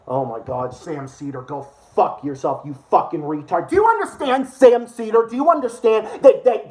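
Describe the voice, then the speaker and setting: A man hosting a livestream, ranting furiously with constant swearing and repeated insults. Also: very high-pitched. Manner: furious, profane, insulting, repetitive. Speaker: livestream host. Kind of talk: angry profane rant.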